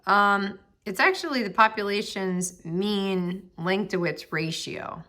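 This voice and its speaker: A woman's voice: mid-range voice, takes it slowly, few pauses, sharp tone. A woman teaching a recorded statistics lesson, reading numbers aloud and talking herself through each step, chatty and upbeat with her students. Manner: talks to herself while working, reads numbers aloud, murmurs some under her breath.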